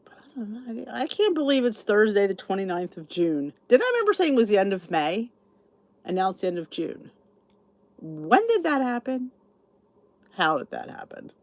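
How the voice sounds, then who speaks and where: A woman's voice: mid-range voice, big pitch swings, moderate pace, no echo. Chatty woman hosting a livestream. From New Jersey, US. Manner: chatty, greets viewers, reads comments aloud. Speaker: channel host. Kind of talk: casual livestream chat.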